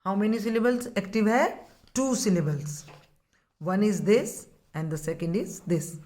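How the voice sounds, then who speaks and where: A woman teacher, explaining a grammar lesson to children slowly and deliberately, repeating the key words. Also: mid-range voice, darkish tone.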